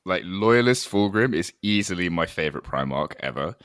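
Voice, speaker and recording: Animated man, enthusiastic chat. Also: low voice, moderate pace, clear, resonant tone, no echo, studio quality. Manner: enthusiastic, laughs along. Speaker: podcast co-host. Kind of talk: casual chat.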